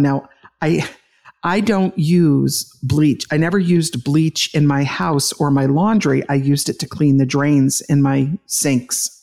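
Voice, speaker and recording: A middle-aged woman with a gravelly edge recounts a painful family memory to an interviewer. She laughs through grief and restarts her sentences often. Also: low voice, darkish tone. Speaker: guest, bereaved mother and author. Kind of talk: conversational interview storytelling.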